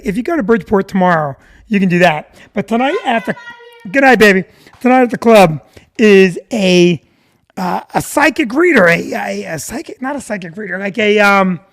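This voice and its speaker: Rambling New comedian on a live stream. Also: male voice, high-pitched, a bit bright. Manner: rambling, stops to greet viewers by name. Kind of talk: casual storytelling to viewers.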